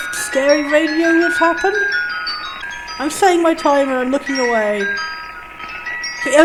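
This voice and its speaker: A woman hosting a let's play, giving rambling casual commentary full of "like" and restarts. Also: high-pitched. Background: faint game music.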